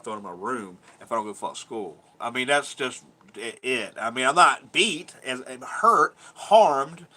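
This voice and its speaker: A man's voice: mid-range voice, sharp tone. Rambling, profane man in his thirties. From Georgia, US. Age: 30s. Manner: rambling, profane, laughs through his story. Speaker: vlogger. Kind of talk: casual storytelling monologue.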